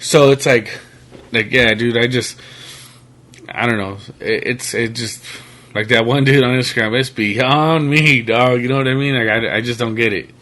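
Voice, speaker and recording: A young man talking loosely as a podcast guest, full of slang and fillers like "bro" and "dog." His voice sits at an ordinary middle pitch, and the talk is unscripted and easygoing. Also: steady tone, normal speed, sharp tone. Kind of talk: casual chat.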